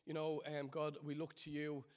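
A man with a lilt preaches and prays to his church, his fairly high voice dropping low and soft in prayer and climbing loud in excited asides. He tells his story loosely, with plenty of ums and restarts. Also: normal speed. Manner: storytelling with fillers and restarts, swings between hushed and loud. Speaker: church leader. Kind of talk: sermon and prayer.

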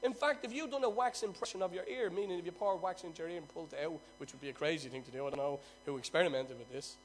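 An Irish man preaching a sermon, telling stories with loud bursts and quiet asides. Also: on the high side, rapid-fire, a little hiss or hum.

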